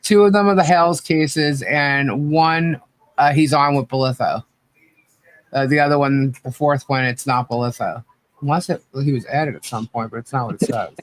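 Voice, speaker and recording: A man's voice: mid-range voice, normal speed, poor audio. A man on a casual livestream walking methodically through what he has looked up, trailing off at the ends of sentences. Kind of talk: casual livestream chat, reporting research.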